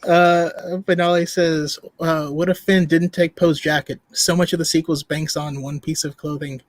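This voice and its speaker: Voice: medium pitch, level tone, moderate pace, no echo. A podcast host in casual chat, reading listener comments aloud and giggling often.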